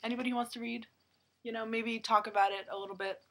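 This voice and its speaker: A woman's voice: a little high, fast, a little hiss or hum. A young woman telling a work story in casual chat, acting out the people she quotes. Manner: animated, acts out customers in quoted voices.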